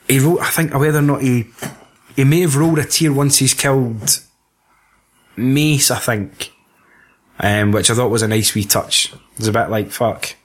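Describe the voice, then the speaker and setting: A man's voice: medium pitch, steady tone, normal speed. A man in casual chat about a film, rambling and stop-start, swearing and breaking into mocking voices.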